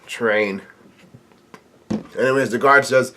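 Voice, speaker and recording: Over background noise, a man with a mid-range voice reads comic dialogue aloud for a reaction video and comments on it. He trips over his words, halting and restarting frequently with plenty of fillers.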